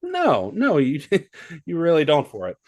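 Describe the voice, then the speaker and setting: Animated, joking podcast host man. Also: on the high side, a little slow, no echo, clean studio sound. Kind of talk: casual comedic chat.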